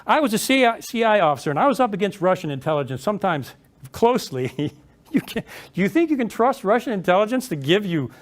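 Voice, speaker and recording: A man's voice: sits high, sing-song, quick pace. A middle-aged man and former intelligence officer giving an emphatic talk to an audience, asking rhetorical questions. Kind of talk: speech to an audience.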